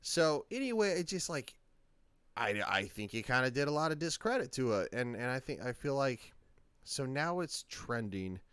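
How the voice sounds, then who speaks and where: A man's voice: mid-range voice, big pitch swings, normal speed, a bit bright, smooth, no echo. Rambling man hosting a reaction video. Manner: rambling, many fillers and restarts. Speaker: channel host. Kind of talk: casual reaction commentary.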